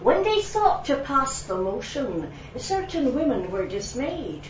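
Slow playful woman with a Belfast accent. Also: mid-range voice, a little hiss or hum. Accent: Belfast (put on). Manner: slow, lilting, playful delivery. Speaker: open-mic poet. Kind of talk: humorous poetry reading. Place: echoey venue, live event. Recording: echoey room, distant, dull sound.

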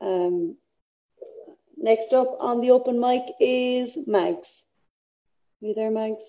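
A woman hosting an online open mic over a video call, with brisk, friendly announcing. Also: on the high side, warm tone.

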